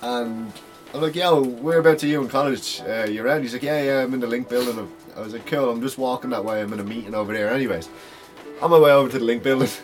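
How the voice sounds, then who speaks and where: A man's voice: mid-range voice, fast talker, soft background music. A young man with an Irish accent, telling a story among friends in casual chat, breaking into laughs as he quotes them. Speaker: podcast co-host.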